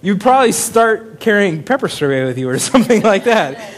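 A man's voice: high voice, sing-song, normal speed. A man preaching a casual sermon in a chatty way, chuckling often and restarting his sentences. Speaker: pastor.

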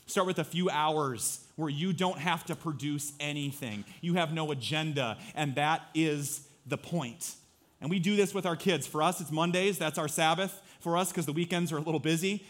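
A pastor in his thirties preaching a conversational, animated sermon, acting out little quotes from his family and listeners. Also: a little high.

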